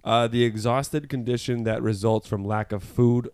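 A man's voice: mid-range voice, steady tone, normal speed, a little mellow, smooth. A man hosting a comedy podcast, joking and laughing often in casual chat. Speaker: podcast host.

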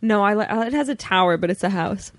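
A woman's voice: mid-range voice, animated, quick pace, dry recording. A woman, a comedian guest on a podcast, chatting playfully with a lot of giggles. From Canada. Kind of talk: casual podcast chat.

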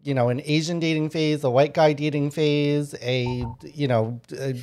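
Low-voiced woman, halting chat. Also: steady tone, mellow. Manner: halting, restarts often. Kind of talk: casual chat.

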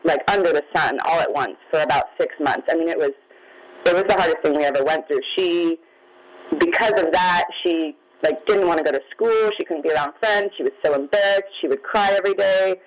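A woman's voice: low voice, brisk, slight background noise, poor audio. A woman in middle age speaks openly as an interview guest. Her telling is candid and personal, her feelings close to the surface. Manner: open, candid, near tears at times. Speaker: guest, magazine founder. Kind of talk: emotional personal storytelling.

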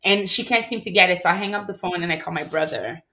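A woman in her thirties from Montreal, telling a personal story as an interview guest in an emotional, halting way, restarting her sentences and acting out other people's voices. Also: fairly low pitch, bright, forceful tone. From Montreal, Canada.

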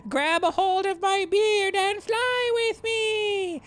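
Comic sketch: a bearded Christmas ghost, very high, very slow, eerie and drawn out. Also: male voice, fairly even intonation, fairly bright tone, full character voice.

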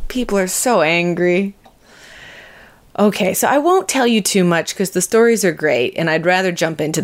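Slow, low-voiced woman hosting candidly. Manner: candid, self-deprecating, laughs at herself; profane, chatty storytelling. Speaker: podcast host. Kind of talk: casual monologue intro.

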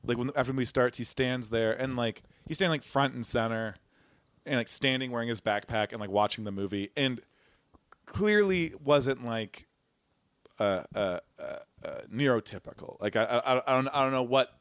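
A man's voice: mid-range voice, normal speed, fairly bright tone, smooth, dry recording. A man telling a long story in casual podcast chat, rambling with lots of fillers and restarts. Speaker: podcast co-host.

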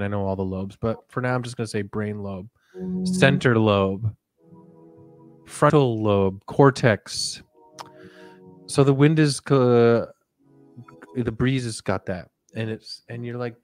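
A man hosting a comic sleep-story podcast, talking softly with drifting, rambling jokey asides. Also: lowish voice, dry recording. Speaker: podcast host.

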